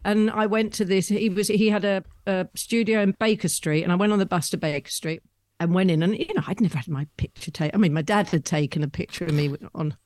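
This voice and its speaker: A woman, a guest telling rambling stories about her past with soft laughs. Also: mid-range voice, quick pace, no echo. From London, England. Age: 70s. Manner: chatty, rambling storyteller with frequent soft laughs. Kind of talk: conversational anecdotes.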